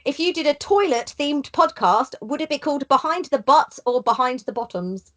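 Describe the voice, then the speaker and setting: Chatty woman, slightly high voice. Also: animated, moderate pace, a bit bright. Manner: chatty, mischievous storyteller. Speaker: podcast co-host. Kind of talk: casual podcast banter.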